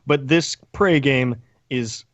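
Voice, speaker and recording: A man's voice: mid-range voice, slow, dry recording, highs cut off. A man co-hosting a podcast in casual chat, rambling and joking with frequent restarts. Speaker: podcast co-host.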